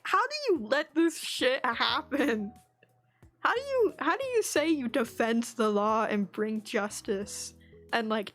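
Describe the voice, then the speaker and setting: A woman's voice: high voice, a bit bright. A woman streamer in casual chat, telling an angry story full of swearing and frequent laughs, on a streaming mic. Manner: laughs often between lines.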